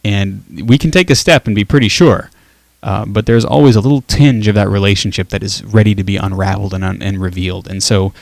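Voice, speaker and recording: A man's voice: lowish voice, fairly even intonation, brisk, creaky, hardly any pauses, darkish tone, no echo, studio quality. A man hosting a casual talk show, chatty and laughing easily as he reads listener comments. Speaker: show host. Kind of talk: casual chat.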